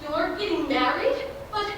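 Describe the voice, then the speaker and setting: A woman's voice: very high voice, expressive, unhurried, fairly bright tone, slight background noise, exaggerated voice. A young woman playing a glamorous showgirl bride in a school stage musical, theatrical and exclamatory. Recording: echoey hall from far off, music behind.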